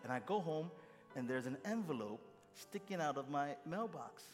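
A man's voice: a little high, expressive, moderate pace. A middle-aged man preaching a sermon as a story, acting out dialogue with self-mocking humor. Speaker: pastor. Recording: long hall reverb, faint music.

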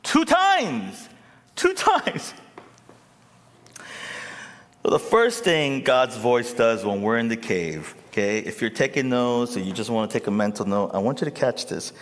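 A man preaching a sermon in a church or large hall, animated, calling on the crowd to answer him. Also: mid-range voice, normal speed, few pauses. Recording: echoey hall.

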